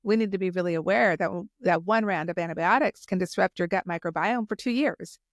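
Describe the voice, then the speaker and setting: A woman's voice: fairly low pitch, brisk, dry recording, clean studio sound. A woman hosting a solo podcast, talking casually and enthusiastically, rambling with many restarts and fillers. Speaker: podcast host.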